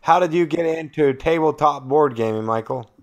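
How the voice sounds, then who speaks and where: A man's voice: a little high, normal speed, muffled recording. A man hosting a podcast and interviewing his guest in a friendly, informal way. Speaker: podcast host. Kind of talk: casual interview.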